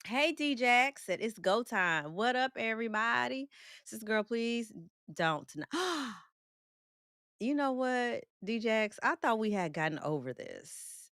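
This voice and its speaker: A woman's voice: a little high, lively intonation, unhurried, fairly bright tone, clear, resonant tone, dry recording, clean studio sound. A woman hosting a casual livestream, greeting and answering her chat in a playful, joking way with frequent laughs and slang. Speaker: livestream host reading chat.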